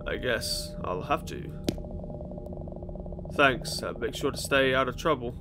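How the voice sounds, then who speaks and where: A man's voice: mid-range voice, normal speed, long pauses. A man giving chatty gaming commentary, swearing and thinking aloud while playing a police officer. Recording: gameplay with vehicle noise.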